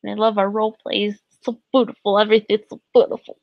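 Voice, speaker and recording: A woman's voice: medium pitch, flat delivery, fast talker, gravelly, no room sound, lo-fi sound. A woman streamer chatting casually, giggly and gushing, a little flustered. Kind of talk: casual live-stream chat.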